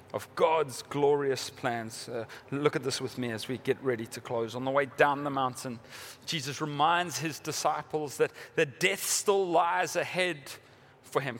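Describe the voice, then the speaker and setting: A man preaching a sermon as pastor, moving from urgent, rising questions to quiet, tender passages. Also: mid-range voice, a little hiss or hum.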